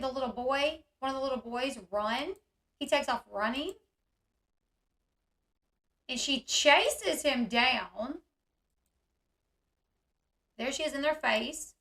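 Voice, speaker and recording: A woman hosting casual commentary on a video, talking in an animated way and acting out the yelling she describes. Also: high-pitched, reverberant. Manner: animated, reacts loudly, acts out quoted yelling. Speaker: commentary host.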